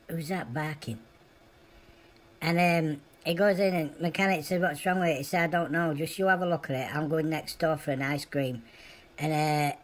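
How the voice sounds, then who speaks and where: A man's voice: fairly high pitch, close to an everyday voice. A man with a Yorkshire accent voicing a trained animal who tells rambling pub jokes, full of fillers and restarts. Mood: chatty. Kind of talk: dubbed comic voice-over.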